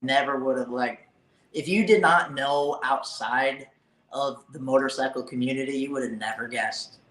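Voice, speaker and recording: Man, podcast guest, easygoing and halting, echoey room. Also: medium pitch, fairly bright tone. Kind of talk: casual chat.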